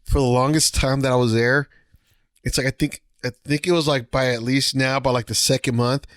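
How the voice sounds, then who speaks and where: A young man co-hosting a podcast, animated in casual chat, swearing and laughing at his own stories. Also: medium pitch, fairly quick, dry recording, clean studio sound. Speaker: podcast co-host.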